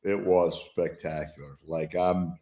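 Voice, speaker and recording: Male guest analyst, low voice, enthusiastic, reflective, echoey room sound. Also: steady tone, a little slow, dark tone. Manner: enthusiastic and reflective, talks things through. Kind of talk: casual sports talk.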